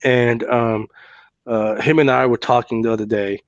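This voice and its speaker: A man's voice: medium pitch, steady tone, normal speed, no echo, muffled recording. Chatty man hosting a podcast. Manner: chatty, with many fillers and "right?" tags. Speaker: podcast host. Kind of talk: casual podcast storytelling.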